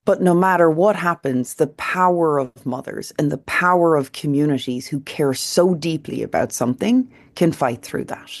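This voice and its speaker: A woman's voice: low-pitched, darkish tone. An Irish woman in her thirties, a company founder answering interview questions as an earnest storyteller with many restarts. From Ireland.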